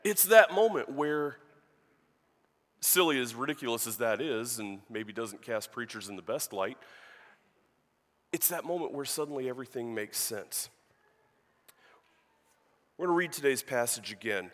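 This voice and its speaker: A man's voice: medium pitch, lively intonation, normal speed, long pauses, fairly bright tone. A man giving a sermon as a guest preacher in a church, telling a joke and reading scripture in a conversational, storytelling manner. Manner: conversational, storytelling with acted voices. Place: church sanctuary. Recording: long reverb of a church hall.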